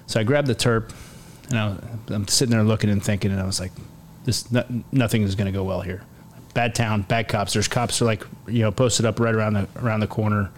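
Storytelling army sergeant major, faint hiss. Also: male voice, on the low side, fairly quick. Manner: animated, acts out quotes, many fillers and restarts. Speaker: army command sergeant major, podcast guest. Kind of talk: casual storytelling interview.

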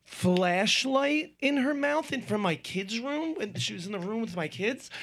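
This high-pitched male host chats loosely from home, a little stoned. His stories wander and are full of swearing. He talks the way a man does when hanging out with friends. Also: lively intonation, a little slow, gravelly, fairly bright tone. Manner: rambling, profane storytelling. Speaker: podcast host. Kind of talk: casual chat.

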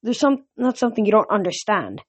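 A woman's voice: medium pitch, sing-song, brisk, husky. A woman voicing a defiant teenage boy hero who talks in an earnest, pleading way. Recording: dull lo-fi recording.

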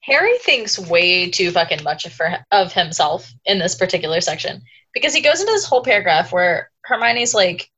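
A woman's voice: lowish voice, big pitch swings, fairly quick, bright, forceful tone, breathy edge, muffled recording. Sardonic woman podcast co-host. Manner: sardonic, swears freely. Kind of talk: casual book-club chat.

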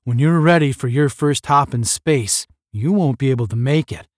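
A man voicing a big, tired young male space cadet in a story, gruff and weary. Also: medium pitch, normal speed, no room sound, clean studio sound, natural voice.

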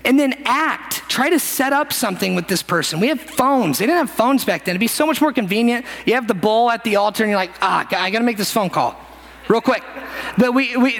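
Gravelly high-voiced young man preaching. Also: a bit bright, slight background noise. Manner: conversational, self-deprecating storytelling; emotional, close to tears. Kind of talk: sermon. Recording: music playing behind.

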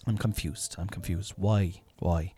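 A man's voice: low-pitched, fairly even intonation, a little slow, mellow, slightly rough, dry recording. A middle-aged Irish man hosting a comedy podcast, rambling and self-mocking with lots of fillers. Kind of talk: casual comedy podcast chat.

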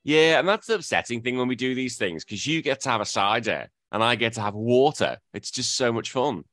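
A man's voice: mid-range voice, expressive, brisk, a bit bright. A man hosting a casual gaming podcast, rambling and self-correcting with a joking tone. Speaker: podcast host.

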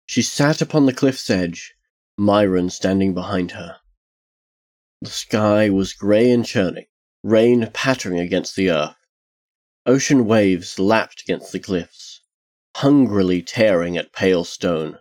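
A man reading a dark fantasy tale aloud in a measured, solemn storytelling manner. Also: deep voice. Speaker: narrator.

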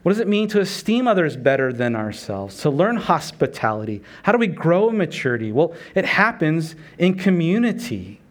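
A middle-aged man delivers a sermon in a relaxed, conversational way. His voice sits a little high for a man. He asks the listeners rhetorical questions and briefly acts out prayers and dialogue. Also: normal speed, hardly any pauses. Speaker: pastor.

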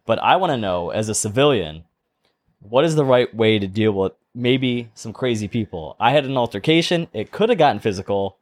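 A man's voice: mid-range voice, normal speed. A man co-hosting a casual podcast, telling a story at length and acting out the people in it. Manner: animated storyteller, acts out quoted voices. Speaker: podcast co-host.

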